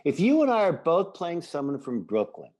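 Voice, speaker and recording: A man's voice: a little high, wildly swooping pitch, moderate pace, darkish tone. A man co-hosting a casual podcast chat, enthusiastic and acting out quoted lines of dialogue. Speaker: podcast co-host.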